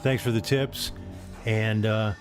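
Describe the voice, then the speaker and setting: A man's voice: fairly low pitch, fairly even intonation, slow, soft background music. A man hosting a casual live stream, easygoing and laughing along as he thanks viewers. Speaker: host.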